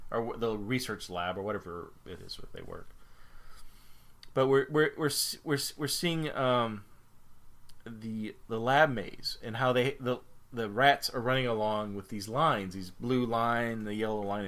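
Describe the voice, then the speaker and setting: A man's voice: mid-range voice, expressive, moderate pace, fairly bright tone. A man co-hosting a film podcast, recapping scenes casually with many fillers and self-corrections. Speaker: podcast co-host. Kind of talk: casual chat.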